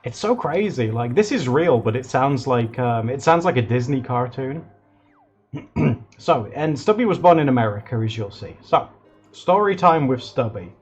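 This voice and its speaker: Rambly streamer guy, kinda husky, dull lo-fi mic, faint music behind. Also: medium pitch, moderate pace. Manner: rambling, excitable, lots of fillers. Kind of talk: casual live-stream chat while drawing.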